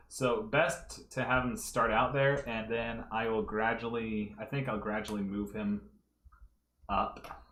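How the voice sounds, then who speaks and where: Low-voiced man thinking aloud while drawing. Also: a bit bright, echoey room, a little hiss or hum. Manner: talks through his work step by step, thinking aloud. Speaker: livestreaming fan artist. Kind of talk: casual livestream commentary while drawing. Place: room at home.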